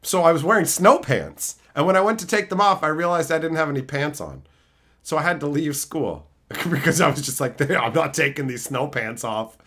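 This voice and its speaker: Lively, bright-voiced man streamer. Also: fairly high pitch, moderate pace. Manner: animated, profane storytelling with frequent laughter. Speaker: streamer answering chat. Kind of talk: casual livestream chat.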